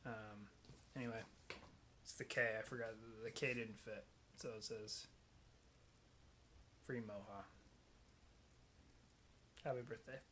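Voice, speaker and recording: Casual, halting man with faint background hiss. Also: fairly low pitch, fairly even intonation, bright, forceful tone. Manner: halting, casual, many uhs. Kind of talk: recorded birthday message.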